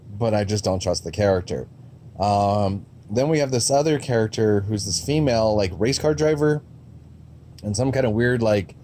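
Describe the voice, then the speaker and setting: A man's voice: on the low side, mellow, slight background noise. A man giving a casual, rambling review of movie trailers, with frequent ums and restarts and a blunt, sometimes profane way of talking.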